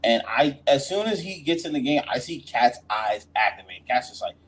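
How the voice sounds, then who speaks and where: A man's voice: mid-range voice, very animated, moderate pace, husky, poor audio. A man hosting a sports podcast, giving blunt, slangy takes on players and leading the next topic. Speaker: podcast host. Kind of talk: casual sports chat.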